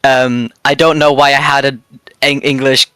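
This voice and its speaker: A German man commentating an esports tournament livestream, chatty and quick to laugh at himself. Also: mid-range voice, little pitch movement, pushed and bright, clean tone, no room sound.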